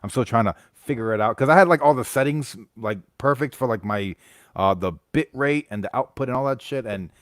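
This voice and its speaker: A man from the United States hosts a casual live stream, chatting with viewers and greeting people in chat. His medium-pitched voice moves briskly as he rambles and stumbles into frequent restarts. The sound is dry and close, without room echo.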